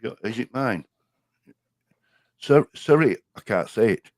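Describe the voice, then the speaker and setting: A man's voice: mid-range voice, animated, measured pace, darkish tone, no echo, studio quality. An older man with a Yorkshire accent, co-hosting a casual live stream, reading out viewer comments and joking. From Yorkshire, England. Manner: chatty, reads viewer comments aloud, jokey.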